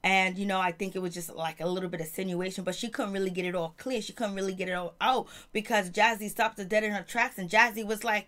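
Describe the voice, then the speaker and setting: A woman's voice: medium pitch, fairly even intonation, fast, few pauses, fairly bright tone. A woman casually recapping a reality TV episode in slangy talk, acting out the quotes as she goes. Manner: slangy, retells scenes in quoted voices. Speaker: TV show reviewer.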